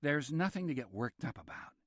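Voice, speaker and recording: A tender older brother murmurs comfort at a bedside, soft and quietly joking, as a man acts him out. The sound is dry and close. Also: a little high, sing-song, a little fast, no room sound.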